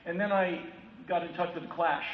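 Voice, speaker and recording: A man in his fifties from the United States giving a keynote talk, telling personal stories in an animated way and acting out other people's voices. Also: sits high, a little fast, a little hiss or hum. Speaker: keynote speaker. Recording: echoey hall from far off, dull lo-fi sound with faint ambience.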